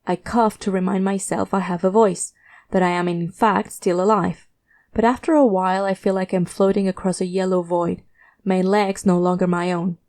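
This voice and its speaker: A woman reads a first-person fiction story aloud with a mellow, warm tone. Her delivery is measured and steady, carrying a quiet tension. It sounds like a scripted audiobook narration. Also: fairly low pitch.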